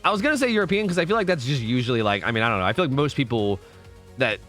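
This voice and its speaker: A man's voice: medium pitch, animated, rapid-fire, fairly bright tone, soft background music. A young man streaming a game, talking casually and rambling with his viewers, swearing freely.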